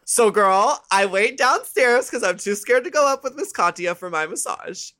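Bright, candid woman telling bawdy stories. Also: fairly high pitch, lively intonation, moderate pace. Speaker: podcast guest. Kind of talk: casual storytelling chat.

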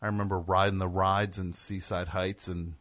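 A man's voice: low voice, flat delivery, moderate pace, a bit bright, dry recording. A man from New Jersey hosting a call-in radio talk show, riffing in a sarcastic, ranting comic way.

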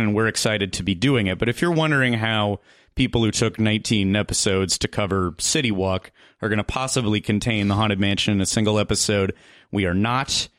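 A man's voice: fairly low pitch, a bit bright, dry recording, studio quality. A man hosting a podcast in a loose, jokey, laughing chat. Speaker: podcast host. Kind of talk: casual chat.

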